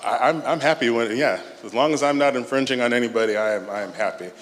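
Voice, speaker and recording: A man speaking at a church conference, answering audience questions in a measured, emphatic way. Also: medium pitch, a bit bright, a little hiss or hum. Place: large hall. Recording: hall with long reverb.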